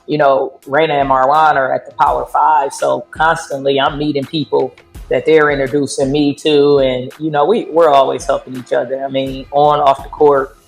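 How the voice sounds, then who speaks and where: A woman's voice: rumbling low, level tone, moderate pace, creaky, soft background music. A woman basketball coach, talking easily in a casual interview. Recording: echoey room.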